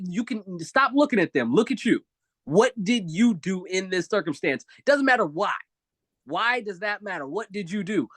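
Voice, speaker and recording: A man's voice: high-pitched, no echo. A man speaking expressively on a live video-call talk show, giving emphatic motivational advice.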